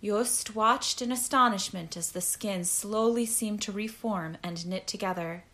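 A woman narrates a story in a measured, even reading. Her pace is slow and her pitch sits in the middle range. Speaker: audiobook narrator. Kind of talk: scripted narration.

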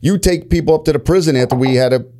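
A man's voice: on the high side, very fast. A man, a former police officer, telling profane stories in casual chat. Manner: profane, animated storytelling.

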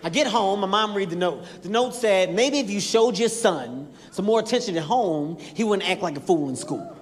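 High animated stand-up man in a hall. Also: moderate pace. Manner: animated, acts out voices, shouts punchlines. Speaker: stand-up comedian. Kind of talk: stand-up storytelling. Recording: echoey live hall, faint noise.

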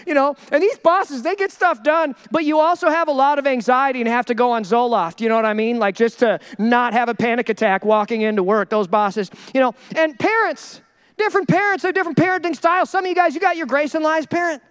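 A middle-aged male pastor preaching a sermon, acting out quoted voices in an animated way. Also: very high-pitched, fast.

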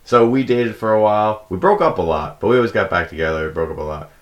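A young man hosting a podcast, telling rambling comic stories with plenty of swearing and acted-out quotes. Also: fast. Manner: profane, animated, acts out quoted people in a high voice. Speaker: podcast host. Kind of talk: casual comedic storytelling.

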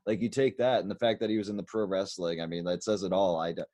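A man's voice: low voice, steady tone, quick pace, warm tone, no echo. A man hosting a podcast in casual conversation, rambling with frequent restarts and fillers. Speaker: podcast host.

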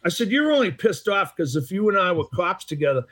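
Older storytelling man with a high voice. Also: big pitch swings, a little fast, a bit bright. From Boston area. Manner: anecdotal, acts out quoted exchanges, frequent fillers and restarts. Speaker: retired hockey referee, guest. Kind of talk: casual storytelling interview.

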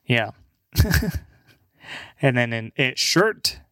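A young man rambling casually through a word list, halting and stammering, swearing and laughing along the way. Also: a little high, bright, forceful tone, smooth, no echo, clean studio sound. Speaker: language video maker.

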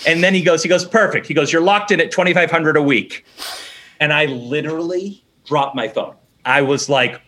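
Middle-aged man, mid-pitch, casual podcast storyteller who acts out the voices of others. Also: moderate pace. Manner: animated, acts out quoted dialogue, swears casually.

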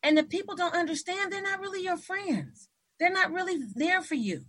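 A woman hosting an interview, telling personal stories in a casual, animated way and acting out the voices of people she quotes. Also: very high voice, normal speed. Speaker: host.

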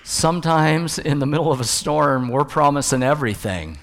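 A man's voice: on the high side, expressive, normal speed. Man preaching in a reverberant hall. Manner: conversational, tells jokes and stories from the pulpit. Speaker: pastor. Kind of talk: sermon.

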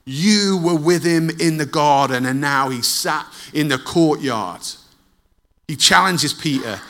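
A man preaching a sermon, telling the story dramatically and dropping low and soft at tense moments. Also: slow.

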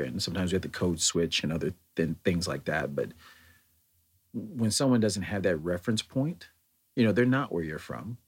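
American man, low voice, breathy edge, reflective monologue, lots of ums and restarts. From United States. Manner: thoughtful, meandering, many fillers and restarts.

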